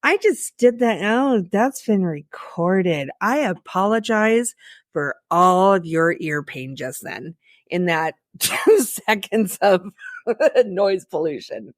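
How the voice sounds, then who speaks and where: A woman's voice: medium pitch, lively intonation, takes it slowly, dry recording, clean studio sound. A woman co-hosting a podcast, talking casually about her partner and often laughing. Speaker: podcast co-host. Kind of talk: casual chat.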